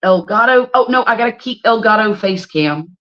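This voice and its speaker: Animated woman on a livestream. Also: medium pitch, moderate pace. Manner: animated storyteller, exclaims freely. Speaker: livestream host. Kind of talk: casual livestream chat, reading viewer comments. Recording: slightly dull lo-fi stream audio.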